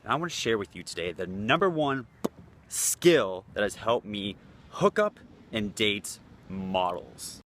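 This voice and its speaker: A man's voice: on the low side, very animated, a little slow, a bit bright, slight background noise. A man talking as a dating coach in a loose, blunt, casual way, swearing freely. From United States. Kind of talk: casual talking-head vlog.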